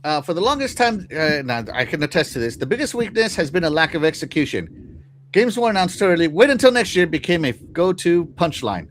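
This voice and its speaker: A man's voice: fairly high pitch, fairly quick, slight background noise. A man hosting a casual gaming podcast, joking around and reading out chat comments. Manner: animated, jokey, reads out chat comments. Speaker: podcast host.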